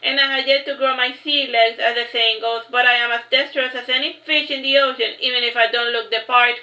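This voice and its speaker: A woman with a high, bright voice reads her own first-person storybook aloud, keeping an even, flat delivery and occasionally slipping on a word. The echoey room gives the recording a slightly dull, lo-fi sound.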